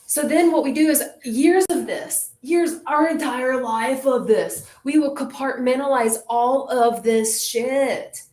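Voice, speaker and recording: A woman leading a group in a relaxed, reflective way, often saying "like". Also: sits high, slow, hardly any pauses. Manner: relaxed, reflective, says "like" a lot. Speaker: group facilitator. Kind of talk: casual wellness group talk. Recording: echoey room, faint noise.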